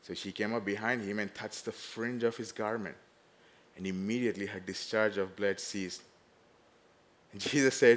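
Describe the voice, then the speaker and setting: A man preaching a sermon, animated, rising loud and dropping to hushed tones as he acts out the story. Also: on the low side, normal speed.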